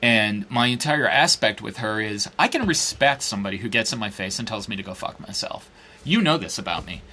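A man's voice: on the low side, animated, brisk, sharp tone, slight background noise. A man, a blogger, talking casually and bluntly, swearing and mimicking others in a mocking voice. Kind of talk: animated casual talk.

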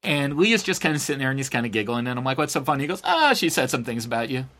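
A middle-aged man telling a story in a casual, sarcastic and profane way, acting out quotes with big jumps in his voice. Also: rapid-fire. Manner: animated, acts out quotes with big pitch jumps.

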